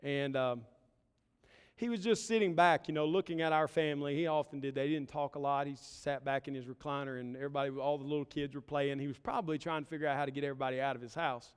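A man's voice: fairly high pitch, steady tone, fast talker, clean tone. A man preaching a sermon as pastor, earnest and building his points in short emphatic phrases. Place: church sanctuary. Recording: long reverb of a church hall.

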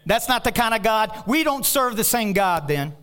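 A pastor preaching with passion, his voice a touch higher than most men's. He swings from loud, soaring bursts down to quiet, low asides. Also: moderate pace, a little hiss or hum. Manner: animated storytelling with laughter. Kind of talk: sermon.

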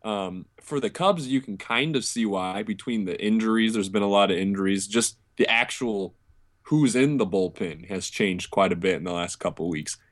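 A young man with a lowish voice talks sports in a loose, casual way. He hesitates often, circling back with "um" and restarts as he works out his opinion. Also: normal speed. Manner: hesitant, thinks aloud with many fillers and restarts. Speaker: podcast co-host.

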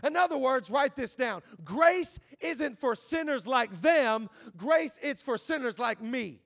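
A man preaching a live sermon as pastor, impassioned and swelling into shouted call-and-response. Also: extremely high pitch, lively intonation, measured pace, vocal fry.

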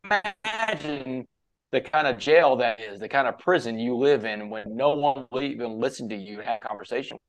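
A man's voice: mid-range voice, fairly quick, hardly any pauses. A man guesting on a podcast, telling a long story in a casual, conversational way, often quoting others and dropping "man" into his sentences.

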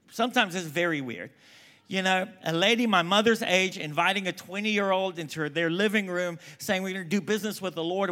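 A middle-aged South African man with a high voice preaches an emphatic sermon, shifting between loud calls and quiet asides. His accent is South African mixed with American.

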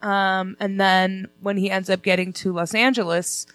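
A woman's voice: mid-range voice, flat delivery, moderate pace, fairly bright tone, dry recording, faint music behind. Woman, casual book chat, hesitant, lots of ums and likes, dry close mic. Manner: hesitant, lots of fillers and restarts. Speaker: book club member.

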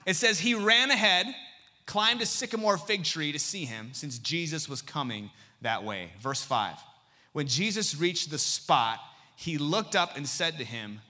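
A man preaching a sermon as pastor, joking with the congregation and dropping to a hush for emphasis. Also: fairly high pitch, normal speed. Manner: lively and humorous, swinging between loud and hushed.

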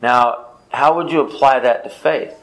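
A man's voice: mid-range voice, a little slow, rough recording. A man leading an informal Bible study, teaching in an emphatic way, repeating phrases and answering his own questions.

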